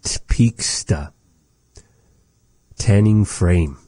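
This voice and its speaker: A man teaching vocabulary in a casual lesson, repeating each word slowly with chatty asides. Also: sits low, warm tone, dry recording. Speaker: language teacher.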